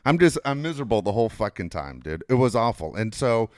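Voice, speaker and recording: Brief: middle-aged man, animated profane storyteller, dry close mic. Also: on the low side, fast, no echo. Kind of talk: casual storytelling chat.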